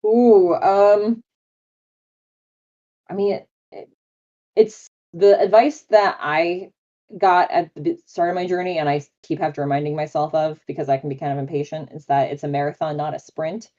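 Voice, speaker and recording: Enthusiastic low-voiced woman guest. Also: fairly even intonation, normal speed, mellow, dull audio. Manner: bubbly, enthusiastic, lots of "like" fillers. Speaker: voice actor guest. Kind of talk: live interview chat.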